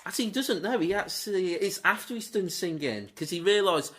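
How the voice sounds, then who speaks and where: A man in casual podcast chat, his voice swinging widely up and down as he rattles on about films. He talks in a loose, chatty way and slips into quick silly voices when quoting. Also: high voice. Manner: lively, chatty, slips into goofy quoted voices. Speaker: podcast co-host. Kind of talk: casual movie debate chat.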